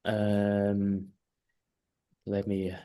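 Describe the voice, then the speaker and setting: Male English tutor, lower voice, emphatic and repetitive coaching, frequent check-ins. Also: completely flat delivery, very slow, warm tone. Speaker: English teacher. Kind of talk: one-on-one lesson feedback.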